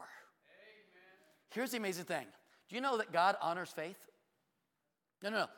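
Animated preaching man in a reverberant hall. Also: high voice. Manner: animated preaching with quick asides, rhetorical questions and hushed drops. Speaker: pastor. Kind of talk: sermon. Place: church sanctuary. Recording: long reverb of a large hall.

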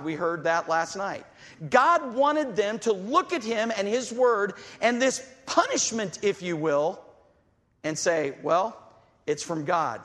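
A man's voice: high-pitched, animated, takes it slowly, bright, forceful tone, long reverb tail. A man preaching a sermon, reading scripture aloud and acting out the voices he quotes with fervor.

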